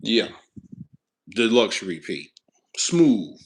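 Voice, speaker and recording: A man's voice: on the low side, takes it slowly, husky. A man, a truck driver telling a rambling, profane story in casual talk. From Chicago, West Side. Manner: animated, cursing, laughing, rambling.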